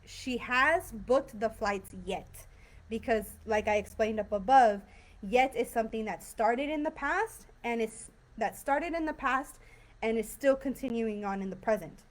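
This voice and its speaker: A woman's voice: on the high side, a little slow. A woman teaching an online English grammar class, explaining patiently with lots of fillers and frequent "right?" checks. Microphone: video call.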